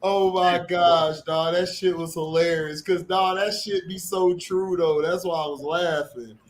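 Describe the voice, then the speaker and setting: A young man hosting a casual chat, animated and slangy, laughing as he retells cartoon scenes. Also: high-pitched, measured pace, slight background noise. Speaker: show host.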